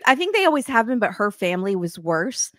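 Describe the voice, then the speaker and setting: A woman co-hosting a casual podcast, giving opinionated quick asides. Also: mid-range voice, very animated, fairly bright tone, dry recording, studio quality. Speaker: podcast co-host. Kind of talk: casual chat.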